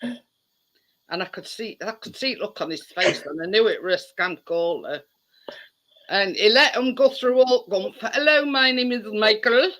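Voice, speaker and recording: Slow-talking bright woman. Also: medium pitch, expressive. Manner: laughing storyteller, swears casually. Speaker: live stream host. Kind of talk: casual chat.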